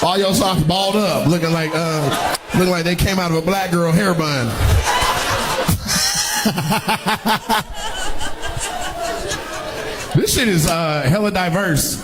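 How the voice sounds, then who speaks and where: A middle-aged stand-up comedian working the crowd from a live stage. His voice sits a touch high for a man, and he is loud, profane and teasing as he ribs audience members. Heard through a handheld stage mic in the venue. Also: slow, pauses often, loud music behind the voice.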